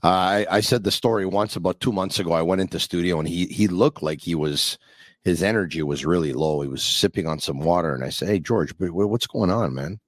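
A middle-aged man with a very low voice hosts a casual sports podcast. He tells stories in a halting way and acts out the back-and-forth. The sound is dry and close. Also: no echo. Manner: storytelling, acts out quoted dialogue, halting restarts. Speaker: podcast host.

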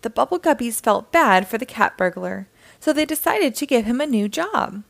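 A woman reading a children's picture book aloud in an animated, sing-song way. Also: on the high side, normal speed, gravelly. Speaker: storyteller.

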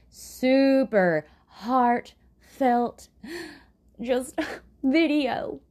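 Chatty, swearing woman with a lively, mellow voice. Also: mid-range voice. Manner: chatty, swears, sarcastic asides. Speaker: true crime podcast host. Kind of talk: casual true crime storytelling.

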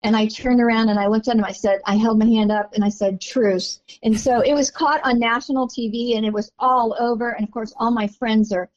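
A woman's voice: on the high side, steady tone, fairly quick, few pauses. An older woman, a longtime basketball season ticket holder, telling stories in a casual interview in a rambling, chatty way full of "you know". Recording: dull lo-fi audio.

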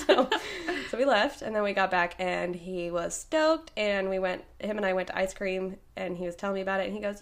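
A woman's voice: medium pitch, steady tone, normal speed. A woman in her thirties co-hosting a podcast in casual chat, rambling and laughing often as she shakes off a cold. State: recovering from a cold. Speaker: podcast co-host.

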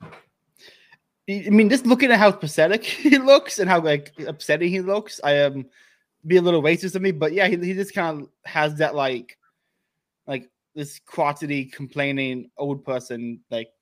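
Man, American, casual host, joking, emphatic, self-mocking, fairly high voice. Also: moderate pace. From United States. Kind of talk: casual reaction chat.

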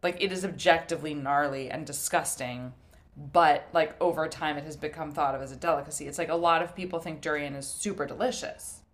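A young woman co-hosting a food podcast in casual chat, telling animated stories, swearing and laughing often. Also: low voice, a little fast. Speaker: podcast co-host.

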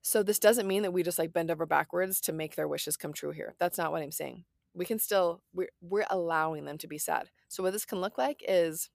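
A woman's voice: lowish voice, fairly quick, creaky, few pauses, no echo, studio quality. A woman in her thirties talking casually and earnestly about parenting, reassuring and chatty. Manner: earnest, reassuring, lots of "like" and "right?". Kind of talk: casual parenting advice talk.

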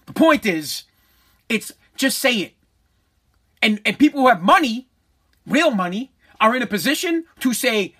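A man's voice: very high voice, expressive, moderate pace, pushed and bright, slightly rough. Heated man on a profane rant. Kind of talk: angry rant.

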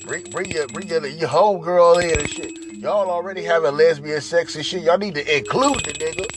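A man's voice: fairly high pitch, fairly quick, over music. A man hosting a podcast, ranting crudely and rambling with comic asides and repeated "right?"s. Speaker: podcast host. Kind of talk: profane comedic rant.

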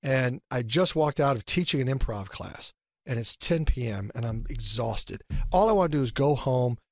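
A middle-aged man, a comedian and actor, telling stories in an interview with energy and sudden loud acted-out bursts. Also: mid-range voice, lively intonation, normal speed, no room sound, clean studio sound. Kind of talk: animated storytelling in interview.

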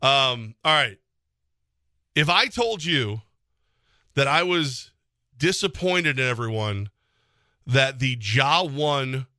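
A man's voice: mid-range voice, pushed and bright, dry recording, studio quality. A man co-hosting a sports radio show, ranting in a casual, exasperated way and laughing as he goes.

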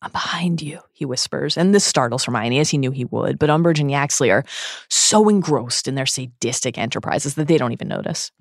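A woman's voice: rumbling low, expressive, fairly quick, dry recording, studio quality. A woman hosting a podcast, recapping a book in an earnest, dramatic reading. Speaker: podcast host.

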